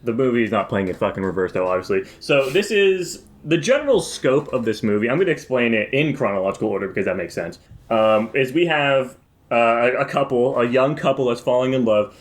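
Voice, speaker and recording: A man's voice: medium pitch, lively intonation, fairly quick. A man co-hosting a podcast, summing up a movie in a rambling, profane way and tripping over his words. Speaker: podcast co-host. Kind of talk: casual movie review chat.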